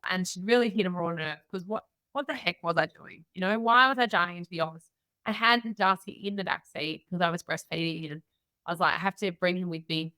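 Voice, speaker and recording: A middle-aged Australian woman with a bright, forward voice tells candid stories on a podcast interview, acting out what others said to her. The sound is dry and close, with no room around it. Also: lowish voice, a little fast, no room sound. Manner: candid, animated storyteller acting out quoted voices. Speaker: guest entrepreneur.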